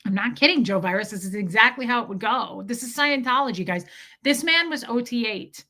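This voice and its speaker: A woman hosting a livestream, telling a personal story in a candid, animated way and breaking off now and then to greet viewers in the chat. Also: a little high, a little fast. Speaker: livestream host.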